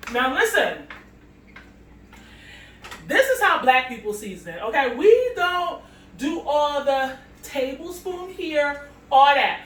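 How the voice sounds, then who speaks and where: High-voiced woman chatting in an echoey kitchen. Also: a bit bright. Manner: chatty, playful, talks straight to viewers. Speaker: cooking vlogger. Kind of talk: casual cooking chat. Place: home kitchen. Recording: echoey kitchen, mic at a distance, music behind.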